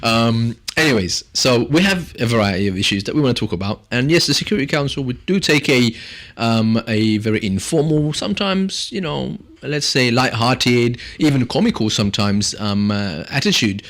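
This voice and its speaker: A man's voice: mid-range voice, lively intonation, normal speed, hardly any pauses, a bit bright. A man hosting a radio talk show from a studio, chatting in a jokey, rambling way and laughing often. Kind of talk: casual radio chat.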